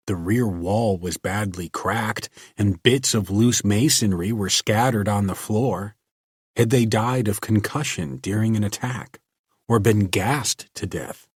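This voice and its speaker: A man narrating a science fiction story in a measured, deliberate way. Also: on the low side, slightly rough, no room sound, studio quality.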